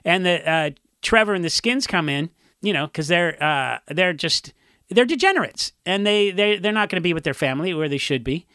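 A man's voice: high-pitched, expressive, moderate pace, sharp tone, clear, resonant tone, no echo, studio quality. A man, a punk musician, chatting casually and rambling through stories with many restarts and fillers. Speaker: punk musician discussing a song. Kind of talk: casual chat.

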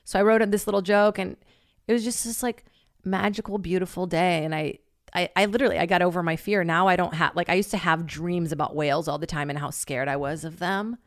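A woman telling a long story in casual chat, animated and swearing freely, with lots of "like" and loudly acted-out quotes. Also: on the low side, fairly quick, dry recording, clean studio sound. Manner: heavy use of filler "like".

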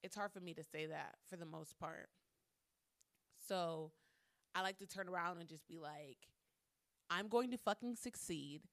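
A woman's voice: deep voice, steady tone, moderate pace, pauses often, fairly bright tone. A woman hosting a solo podcast monologue, talking candidly with frequent swearing and repeating lines for emphasis. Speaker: podcast host.

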